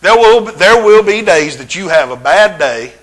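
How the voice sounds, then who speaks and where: A middle-aged man, preaching a folksy, humorous sermon in a church with drawn-out emphasis. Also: high-pitched, lively intonation, fairly bright tone, poor audio. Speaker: pastor.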